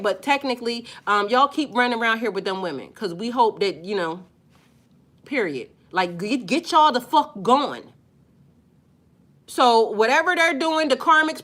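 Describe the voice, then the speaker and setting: A woman's voice: a little high, a bit bright. A woman who works as a spiritual life coach, talking casually and bluntly to viewers, emphatic and profane, stretching out her stressed words. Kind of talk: casual unscripted video talk to viewers.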